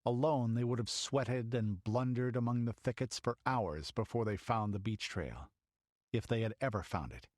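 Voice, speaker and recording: A man's voice: mid-range voice, moderate pace, a little mellow, no echo, studio quality. A man reading an audiobook in dramatic storytelling narration. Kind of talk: scripted narration.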